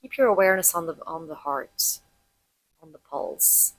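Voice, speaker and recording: A woman with a fairly low voice guides listeners through a breathing exercise, explaining clearly and calmly. The sound is dry and close, with no room around it. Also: normal speed, dry recording, poor audio. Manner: calm, explanatory, guiding listeners step by step. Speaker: breathwork instructor.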